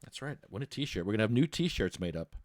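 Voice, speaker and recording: A man's voice: fairly low pitch, very animated, brisk, a little mellow, dry recording. A man hosting a casual podcast, ranting bluntly and rambling with many restarts. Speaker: podcast host. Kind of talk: casual ranting talk show monologue.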